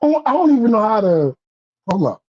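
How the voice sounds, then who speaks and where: A man calling in, talking in an excitable, repetitive way over muffled call audio. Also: sits high, quick pace. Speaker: caller.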